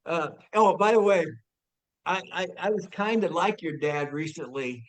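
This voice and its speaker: A man telling a personal story among family and friends, animated and laughing, with stumbling restarts and bursts of shouting. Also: fairly high pitch, moderate pace. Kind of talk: casual storytelling.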